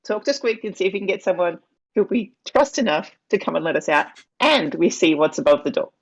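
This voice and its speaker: A woman's voice: lowish voice, expressive, fairly quick, highs cut off. A woman playing a tabletop game, sceptical and questioning. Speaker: player. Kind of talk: casual tabletop play.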